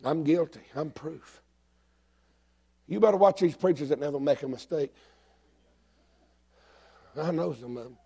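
A middle-aged man preaching a folksy, joking sermon in a church, breaking into shouts. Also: fairly high pitch, measured pace, creaky, long pauses, slightly rough. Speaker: pastor. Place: church sanctuary.

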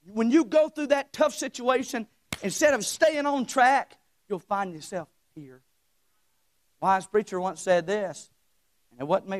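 A young man preaching a sermon, swinging between shouting and hushed folksy talk. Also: extremely high pitch, no echo, clean studio sound. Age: young adult.

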